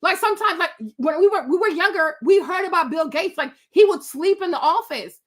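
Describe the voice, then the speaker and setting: High-pitched woman ranting on stream, blunt, lots of fillers, answering chat. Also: brisk. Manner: blunt, animated, many fillers and repeats. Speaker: commentator on a live stream. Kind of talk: casual opinion rant, replying to chat.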